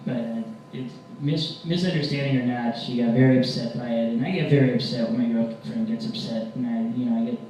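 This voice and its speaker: A young man doing a stand-up comedy set, telling rambling deadpan stories with mock-angry rants. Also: mid-range voice, brisk, hardly any pauses. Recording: very echoey room, distant mic, faint hiss.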